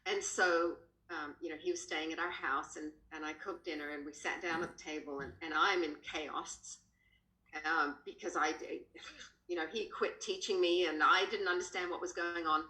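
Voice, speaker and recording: A woman with an Australian accent, a horse trainer, telling stories animatedly as a podcast guest. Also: normal speed. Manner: animated, jumps up in pitch when quoting. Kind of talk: casual storytelling in a podcast. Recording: roomy echo.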